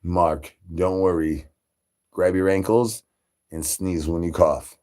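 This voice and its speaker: A man's voice: sits low, fairly even intonation, takes it slowly, darkish tone. Man rambling absurd rhyming nonsense. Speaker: comedy channel creator. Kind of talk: absurd rambling comedy bits.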